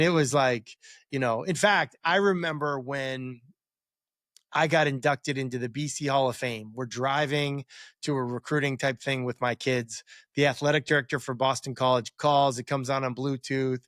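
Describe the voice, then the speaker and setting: A middle-aged man who used to play quarterback guests on a podcast, telling rambling stories and acting out other people's lines with animation. His voice is on the high side, recorded with studio quality and no echo. It's casual interview storytelling.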